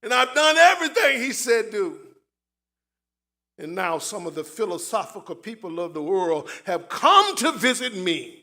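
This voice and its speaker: A preacher voicing grieving, forsaken old Job. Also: male voice, sits high, big pitch swings, moderate pace, vocal fry, heavily acted. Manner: dramatic first-person lament, swinging from loud to hushed. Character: suffering righteous old man, grieving, pleading. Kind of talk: dramatic sermon monologue.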